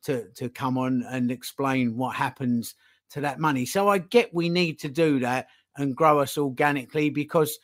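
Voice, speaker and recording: A man talking casually as a podcast guest, animated, acting out little dialogues as he makes his point. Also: mid-range voice, moderate pace. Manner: animated, acts out phone calls in put-on voices.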